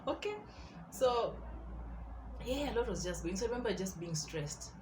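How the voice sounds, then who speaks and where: A young woman with a Kenyan accent, telling stories in a casual vlog in an animated way, mixing in Swahili slang and laughing often. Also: mid-range voice, moderate pace, noisy background. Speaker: artist and vlogger.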